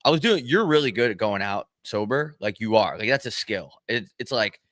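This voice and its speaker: Fast-talking bright young man. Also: lowish voice, expressive, no room sound. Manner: chatty, rambling, laid-back. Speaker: podcast co-host. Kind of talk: casual chat. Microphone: studio microphone.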